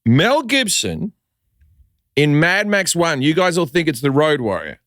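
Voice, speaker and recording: An Australian comedian telling stories on a podcast, loose and swearing, slipping into quick voices. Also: male voice, a little high, big pitch swings, fairly bright tone, no room sound, studio quality. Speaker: comedian guest. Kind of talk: casual podcast storytelling.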